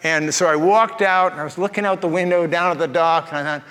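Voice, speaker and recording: High-voiced man preaching in a reverberant hall. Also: steady tone, quick pace, a bit bright. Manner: folksy storytelling with jokes. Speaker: pastor. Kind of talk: sermon.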